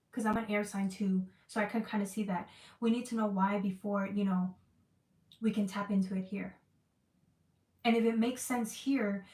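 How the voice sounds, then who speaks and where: A woman's voice: a little high, a little mellow, distant mic. Female tarot reader, earnest and repetitive, recorded in an echoey room off-mic. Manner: emotional, repetitive, searching for words. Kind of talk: casual tarot reading.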